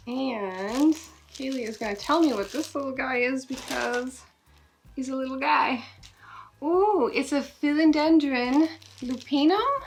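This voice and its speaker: A woman vlogging an unboxing of plant gifts, emotional and excited, swearing in delight and stumbling over plant names. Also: sits high. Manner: profanity-laced exclamations. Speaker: plant YouTuber. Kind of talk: unboxing vlog chat.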